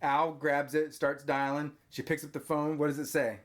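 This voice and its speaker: A man in his forties, a podcast host, casually recapping a horror movie and acting out the scenes with lively exclamations. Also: on the high side, normal speed. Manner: animated storyteller, acts out scenes with lively exclamations.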